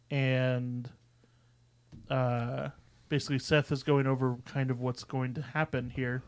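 A man's voice: mid-range voice, clean tone. A man co-hosting a podcast, chatting about a film in a laid-back, blunt and profane way. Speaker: podcast co-host. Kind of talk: casual movie discussion.

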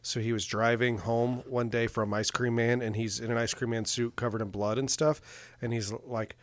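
A man's voice: mid-range voice, little pitch movement, moderate pace, dry recording. Chatty podcast man, dry close sound. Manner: rambling, laughs often. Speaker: podcast co-host. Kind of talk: casual chat about a movie.

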